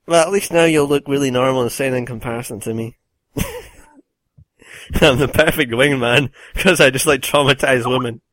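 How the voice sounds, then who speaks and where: A man's voice: mid-range voice, normal speed, a bit bright, dry recording. A man co-hosting a casual podcast chat, laughing often and making provocative jokes. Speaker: podcast co-host.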